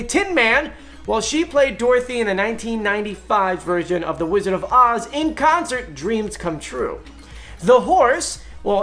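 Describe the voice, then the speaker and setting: An excitable man runs his own video with a very lively voice that leaps up and down as he talks. He speaks casually, bursts into shouts when thrilled, and a little music plays faintly behind him. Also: sits high. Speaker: video host.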